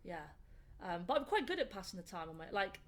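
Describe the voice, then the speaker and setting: A young woman with a Northern English accent, a comedian chatting in a casual interview and telling animated, laughing stories. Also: medium pitch, fast. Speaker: comedian guest. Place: indoor room.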